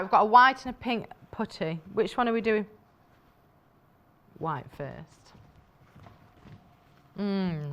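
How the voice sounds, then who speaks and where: A woman with a British accent presents fabrics live for a shopping channel, using a mid-range, slightly bright voice, and the highs in the audio are cut off. She's chatty and keen, with many fillers and asides to the crew.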